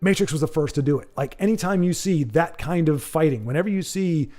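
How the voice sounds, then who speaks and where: A man hosting a casual livestream, reading viewer comments aloud and rambling off on animated tangents with lots of restarts. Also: a little high, brisk, soft background music. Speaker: livestream host.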